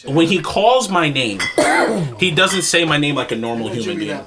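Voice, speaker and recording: Man, podcast host, slightly high voice, animated storyteller, swears, group chatter behind. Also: moderate pace. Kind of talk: casual chat.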